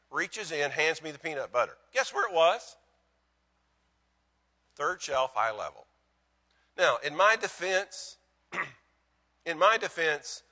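High, bright-voiced preacher man in a reverberant hall. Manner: dynamic preaching, swinging from loud to hushed; folksy storytelling with self-mocking humor. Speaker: pastor. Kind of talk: sermon.

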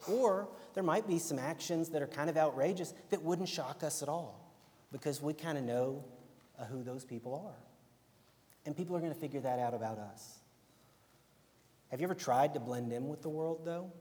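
A man's voice: on the high side, moderate pace, mellow. A young man with an Alabama accent giving a casual, conversational sermon, often checking in with "right?". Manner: conversational, keeps asking "right?". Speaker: preacher. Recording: long hall reverb.

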